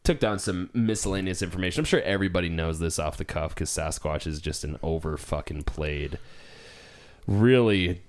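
Joking young man, low voice, podcast chat. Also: moderate pace. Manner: jokey, drifts into high mocking voices. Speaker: podcast co-host. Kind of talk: casual comedic chat.

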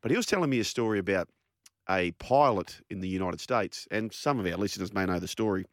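Wry Australian male radio host, low voice. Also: animated, quick pace, no room sound, studio quality. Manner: wry teasing interjections. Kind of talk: casual radio banter. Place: radio studio. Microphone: studio mic.

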